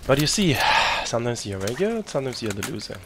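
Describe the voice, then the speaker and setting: A man's voice: medium pitch, very animated, quick pace, very noisy. A man giving live gameplay commentary, muttering to himself and self-critical, with bursts of frustration. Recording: game gunfire clearly audible behind. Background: gunfire from the game.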